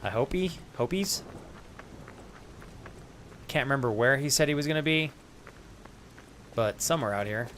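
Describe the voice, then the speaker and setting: A man's voice: mid-range voice, expressive, moderate pace, long pauses, fairly bright tone, slight background noise. A man streaming a video game, chatting casually with viewers, calling them by name and swearing now and then. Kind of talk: casual live-stream chat.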